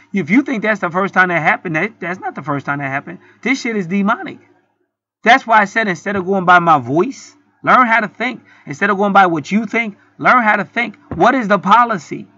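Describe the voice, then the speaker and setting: A man's voice: sits high, sharp tone, no room sound, muffled recording. A man ranting in an indignant, profanity-heavy commentary vlog as channel host.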